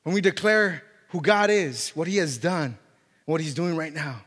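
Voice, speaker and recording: A man preaching a sermon and telling a story, animated and full of fillers and restarts. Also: a little high, moderate pace, big-room sound. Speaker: pastor.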